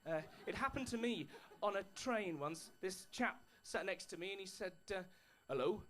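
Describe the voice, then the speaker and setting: A man's voice: high-pitched, normal speed, a bit bright. A man doing stand-up comedy, dry storytelling with put-on posh voices. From England. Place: comedy club stage with an audience.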